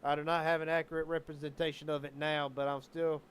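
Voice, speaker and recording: A man calling a live sim race as commentator, excitable and quickening with the action. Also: a little high, smooth.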